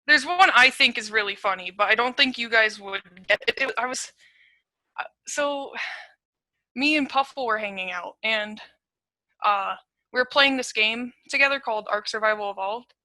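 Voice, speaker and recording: Young woman on a video call chatting, bright sharp voice, laughs a lot, dry close sound. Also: on the high side, moderate pace, no room sound. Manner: giggly, animated storyteller. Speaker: interview guest. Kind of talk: casual chat over video call.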